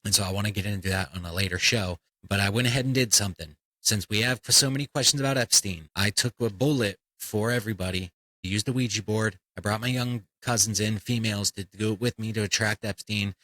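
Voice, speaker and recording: A man's voice: lowish voice, quick pace, pushed and bright, dry recording, low-quality recording. A man hosting a comedy podcast, ranting in a blunt, profane, fired-up way. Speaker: podcast host.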